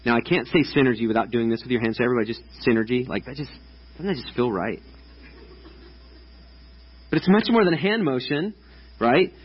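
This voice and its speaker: Casual preacher in his thirties, chatty and loose, slightly raspy voice, dull lo-fi sound. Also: mid-range voice, expressive, moderate pace, long pauses. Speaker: pastor. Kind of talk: sermon. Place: church stage before a congregation.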